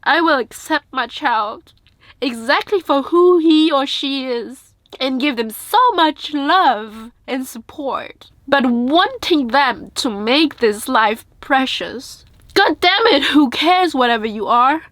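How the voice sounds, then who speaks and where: A woman's voice: high-pitched, animated, takes it slowly, a bit bright, no echo. A woman vlogger speaking earnestly and from the heart in a personal storytime video, tearful and crying as she talks.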